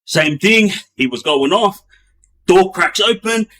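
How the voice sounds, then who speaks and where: Man, slightly high voice, casual storytelling, rambling with fillers, punchy sound effects. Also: takes it slowly. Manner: animated, acts out sounds with bangs and booms; loose and rambling, many fillers and restarts.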